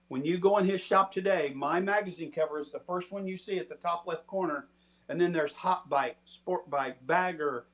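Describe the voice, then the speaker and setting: A middle-aged man telling stories in a casual, animated way and acting out the people he quotes. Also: on the high side. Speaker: storytelling guest. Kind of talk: casual storytelling.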